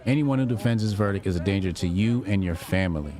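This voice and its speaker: A man's voice: sits low, fast, dark tone. A man hosting a live stream, chatting loosely in slang, reading posts aloud and reacting to them. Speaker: livestream host. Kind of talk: casual live commentary.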